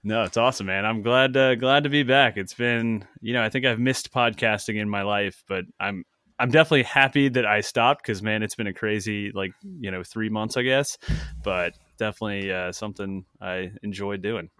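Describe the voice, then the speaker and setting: A man chatting casually as a podcast guest, relaxed and rambling with lots of fillers. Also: lowish voice, moderate pace, clear, resonant tone, dry recording. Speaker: podcast guest and former host.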